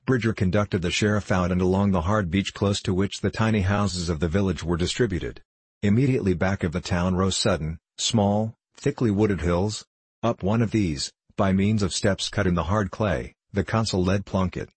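Man, low voice, husky, dry, measured story narration. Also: no echo. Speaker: audiobook narrator. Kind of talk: scripted narration.

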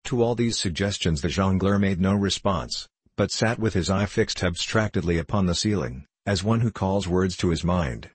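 Deep husky man narrating a book, dry close sound, measured. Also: no echo. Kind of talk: audiobook narration.

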